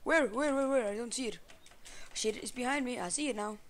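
A woman giving casual gameplay commentary for her channel, excitable and swearing, yelling to a teammate. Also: a little high, a little fast, slight background noise. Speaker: gaming channel host.

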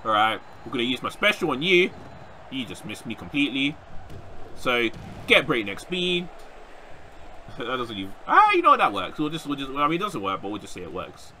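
A young man giving casual, excitable gameplay commentary, often shouting at opponents. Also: medium pitch, normal speed, pauses often, slight background noise. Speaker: gaming YouTuber.

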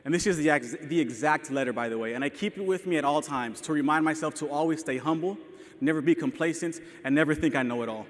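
A man's voice: on the high side, quick pace. A young man from El Paso, a teacher giving an earnest, emotional keynote speech to an audience, with self-deprecating humor. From El Paso, Texas. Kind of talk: personal storytelling speech. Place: large hall with audience. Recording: long hall reverb.

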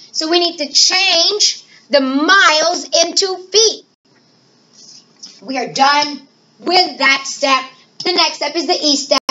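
A bright, high-pitched woman teaching a children's math lesson with playful energy. She asks questions aloud and answers them herself. The recording is a bit dull and lo-fi.

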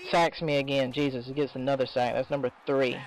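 A man commentating his own video game match, swearing often and swinging between excitement and exasperation. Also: mid-range voice, brisk, poor audio. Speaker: gameplay commentator.

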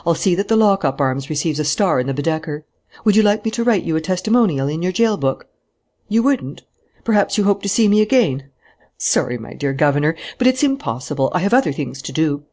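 A reader doing a self-assured gentleman thief in an audiobook, ceremonious and mocking. He stays grandly polite while teasing everyone around him. The pitch sits in a middle register. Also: lively intonation, fairly quick, natural voice. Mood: jaunty mocking. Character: jaunty gentleman thief, adult man, supremely confident. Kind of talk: audiobook character voice.

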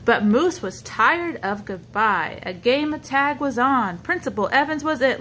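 A woman's voice: on the high side, lively intonation, measured pace, few pauses, fairly bright tone. A woman reading a picture book aloud to a small child, coaxing and pointing things out with questions. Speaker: storybook reader for a child.

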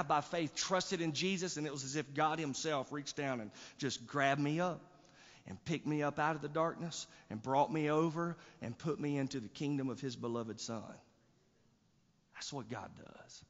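A man's voice: on the high side, a bit bright. A male pastor preaching a sermon, emphatic, with rising bursts and repeated words. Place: church sanctuary. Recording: church hall reverb, dull lo-fi sound.

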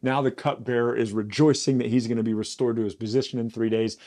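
A pastor leads a Bible study, retelling scripture with jokes and lively storytelling. He builds to loud, exasperated peaks, and his voice stays at an ordinary middle pitch. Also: quick pace. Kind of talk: Bible study podcast teaching.

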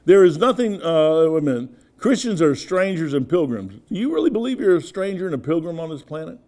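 A man's voice: a little high, very animated, brisk, darkish tone. A man in his sixties, a pastor with a Midwestern American accent, preaching a sermon in a folksy, rambling storytelling way with asides. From United States. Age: 60s.

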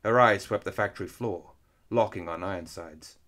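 A man reading an action story aloud in steady, measured narration. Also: low-pitched. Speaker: audiobook reader. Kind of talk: scripted narration.

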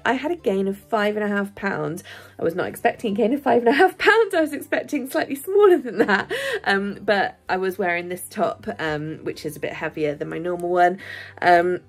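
A woman vlogging casually to camera, rambling with many fillers and nervous laughs, close to tears at times. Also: lowish voice.

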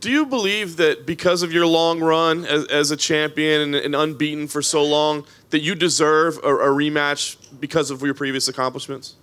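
A reporter at a press conference asks a fighter polite, long-winded questions. His voice sits somewhat high for a man. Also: steady tone, normal speed, hardly any pauses, a bit bright.

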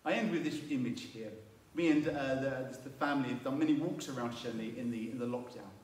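A man preaching a sermon, telling Bible stories with lively acted-out voices. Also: medium pitch, a little fast. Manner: animated storytelling, acting out biblical voices. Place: church. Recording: echoey room, mic at a distance.

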